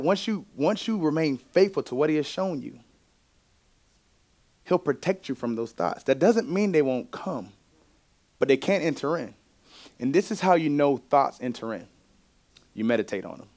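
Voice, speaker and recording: A man's voice: mid-range voice, a little mellow. Man preaching a conversational sermon. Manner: conversational preaching, asks the congregation questions. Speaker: pastor. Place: church.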